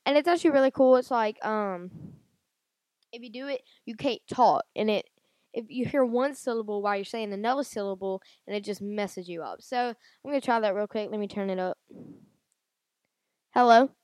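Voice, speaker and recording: Her voice sits at medium pitch, fairly quick and a little mellow, with no echo. She hosts a casual solo podcast captured on a handheld recorder, chatting aimlessly with plenty of fillers and false starts.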